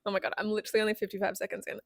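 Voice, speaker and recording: A woman's voice: medium pitch, level tone, rapid-fire, vocal fry, no room sound, studio quality. A woman hosting a reaction video, gushing giddily with frequent squeals and laughs.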